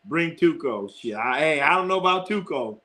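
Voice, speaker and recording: A man's voice: on the high side, lively intonation, normal speed, sharp tone. A middle-aged man hosting a live sports stream, rambling and cursing, repeating phrases and laughing often as he reads chat.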